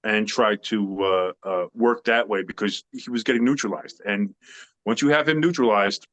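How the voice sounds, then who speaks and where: In a relaxed sports podcast conversation, this co-host, a man, pushes his opinions forcefully and wanders off with lots of fillers. He speaks at a moderate pace in a lowish, slightly bright voice.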